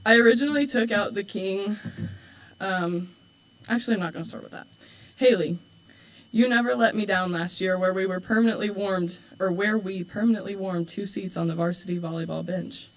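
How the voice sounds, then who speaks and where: A girl in her late teens speaks to her school from a prepared speech, her voice sitting at an ordinary middle pitch. She moves between sincere thanks and playful, deadpan jabs at classmates and teachers. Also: a little fast, poor audio. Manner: warm, teasing, with dry asides. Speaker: homecoming court candidate.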